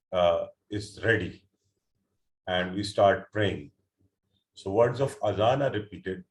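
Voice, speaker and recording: Man teaching online class, slow unhurried delivery, echoey room, patient step by step, some fillers. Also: lowish voice. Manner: patient, explains word meanings step by step; hesitant, frequent fillers and restarts. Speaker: Quran teacher. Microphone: computer mic on an online call.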